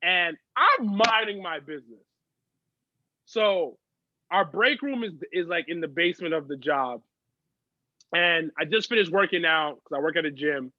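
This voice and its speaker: A man's voice: on the high side, lively intonation, normal speed, pauses often, dry recording, highs cut off. A man, a guest on a podcast, telling stories in chatty, profane casual conversation. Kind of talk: casual chat.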